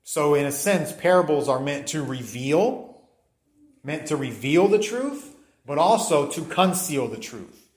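Echoey pastor teaching from scripture. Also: male voice, fairly high pitch, lively intonation, measured pace. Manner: conversational teaching with restarts, reads scripture aloud. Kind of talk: sermon.

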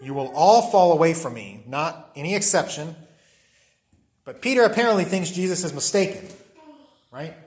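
A man's voice: on the high side, lively intonation, moderate pace, pauses often. A man teaching a Bible study class in a conversational way, often checking in with the listeners.

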